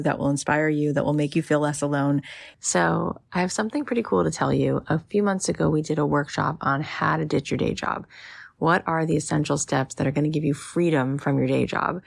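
Low, gravelly woman reading a show intro. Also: no echo, clean studio sound. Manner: earnest, encouraging. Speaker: podcast host. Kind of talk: scripted intro and ad read.

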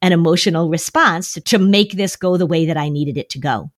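A woman's voice: lowish voice, a little fast, dry recording, clean studio sound. A woman therapist on a podcast, giving emphatic, coaching advice with lots of repetition. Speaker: anxiety therapist. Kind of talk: podcast conversation.

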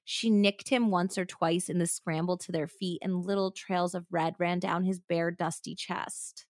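A woman's voice: on the low side, fairly even intonation, a little slow, a little mellow, dry recording. A woman co-hosting a true-crime podcast, reading a story aloud and chatting casually about it into a close mic. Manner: reads narration then chats casually with fillers. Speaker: podcast co-host.

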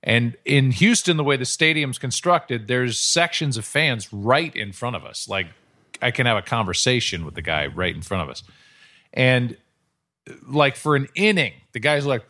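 A man's voice: medium pitch, lively intonation, moderate pace, bright, forceful tone, dry recording, studio quality. Middle-aged man telling rambling stories. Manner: rambling anecdotal storyteller. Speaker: podcast host and sports broadcaster. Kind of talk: casual chat.

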